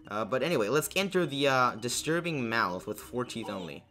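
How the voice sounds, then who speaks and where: This young man comments casually while gaming for a let's play, rambling, restarting, filling gaps and making fun of himself. His voice is mid-range, very animated, brisk and sharp, with soft music in the background.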